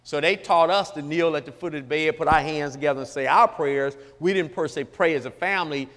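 High voiced middle-aged preacher guy, folksy and jokey, long reverb around him. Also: brisk, fairly bright tone. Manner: folksy, joking, emphatic, mocks formal prayer. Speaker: pastor. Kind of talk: sermon-style radio talk.

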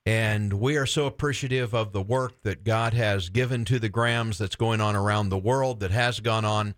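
A man's voice: fairly low pitch, fairly even intonation, normal speed. A middle-aged man from Florida hosting a Christian radio talk show, upbeat and enthusiastic, laughing often and restarting his sentences.

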